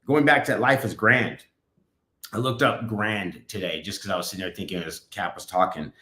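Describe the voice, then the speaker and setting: A man's voice: fairly low pitch, moderate pace, pushed and bright. Man telling stories in a roomy studio. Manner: rambling, upbeat storytelling. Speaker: podcast co-host. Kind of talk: casual chat. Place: podcast studio.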